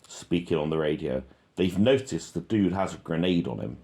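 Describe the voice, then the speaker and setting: A man's voice: low-pitched, animated, moderate pace, dark tone. A man reading a transcript aloud and commenting on it, in an offhand way with many ums and self-corrections. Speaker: reader and commentator.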